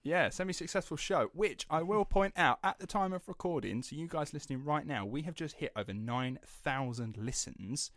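Man, podcast co-host, casual chat, excitable, rambling, dry close sound. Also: on the high side, moderate pace, few pauses, no echo.

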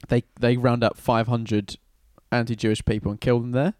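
A man's voice: medium pitch, little pitch movement, moderate pace, darkish tone, dry recording, studio quality. A man retelling an old story casually and irreverently, swearing and joking.

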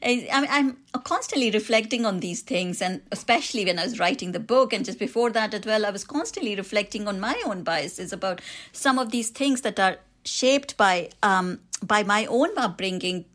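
A woman with an Indian accent, an author answering interview questions about her book, reflective and quick to laugh. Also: medium pitch, lively intonation, fairly bright tone. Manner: reflective, laughs easily, frequent restarts.

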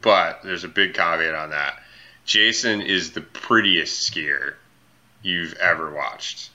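A man with a very low voice but a strikingly bright, forward tone chats casually as an interview guest. He rambles through his stories with lots of "like" and "um". The audio is dull and muffled. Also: slow pace. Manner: relaxed, rambling storyteller with fillers. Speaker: ski company founder, guest.

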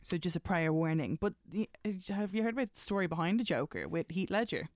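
A woman's voice: lowish voice, expressive, fast, darkish tone, no room sound, clean studio sound. A woman hosting a radio chat, teasing her guest and laughing easily. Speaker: radio host. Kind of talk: casual chat.

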